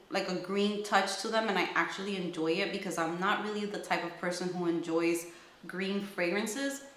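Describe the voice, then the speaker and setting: A woman's voice: medium pitch, a bit bright. A woman casually reviewing perfumes, enthusiastic and gushing, thinking aloud as she describes each scent. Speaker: fragrance reviewer. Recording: echoey room.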